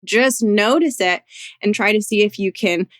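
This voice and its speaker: Gentle, encouraging woman podcast host. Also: medium pitch, moderate pace, dry recording, studio quality. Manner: gentle, encouraging, often says "like" and "you know". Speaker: podcast host and career coach for women. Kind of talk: solo podcast monologue.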